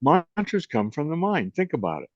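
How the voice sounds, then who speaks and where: A man in his eighties, co-hosting a reflective chat on consciousness and guiding a meditation, unhurried and gentle, often trailing off softly. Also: a little high, wildly swooping pitch, dry recording. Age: 80s. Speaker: co-host, meditation and consciousness teacher. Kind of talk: reflective conversation and guided meditation. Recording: dull lo-fi sound.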